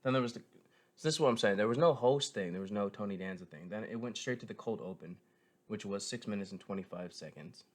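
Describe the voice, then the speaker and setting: A man's voice: fairly low pitch, quick pace. Rambling man in casual commentary. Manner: meandering, filler-heavy, frequent self-corrections; enthusiastic fan tone. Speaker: show reviewer.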